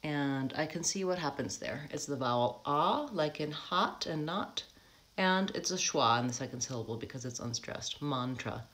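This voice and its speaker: Low-pitched lady pronunciation coach, patient, lots of ums, walks thru sounds slowly. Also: animated, a bit bright. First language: English. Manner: patient, explains step by step with many ums. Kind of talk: live-streamed pronunciation lesson.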